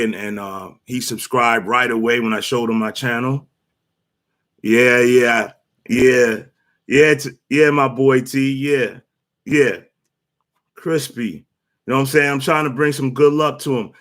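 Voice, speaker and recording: A man's voice: mid-range voice, fairly even intonation, measured pace, a bit bright. A man hosting his own sports talk livestream, chatting loosely and rambling with many fillers and restarts. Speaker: sports talk show host. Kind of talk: casual livestream chat.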